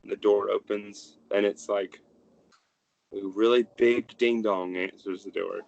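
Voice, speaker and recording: A man's voice: lowish voice, steady tone, unhurried, creaky, a little mellow, lo-fi sound. A young adult man narrating a tabletop game as game master, in a casual, rambling way full of fillers.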